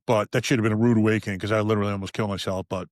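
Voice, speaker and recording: A man in his fifties, a retired police officer, telling his own story as a podcast guest, frank and profane, with halting restarts. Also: lowish voice, steady tone, no echo, clean studio sound. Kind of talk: candid personal storytelling.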